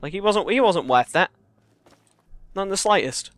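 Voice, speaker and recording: Bright-voiced swearing gamer guy. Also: high voice, expressive, normal speed, no room sound. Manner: rambling, profane and jokey, turns panicky yelling in fights. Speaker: let's play gamer. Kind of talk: casual gameplay commentary. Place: cramped bedroom, playing on his bed.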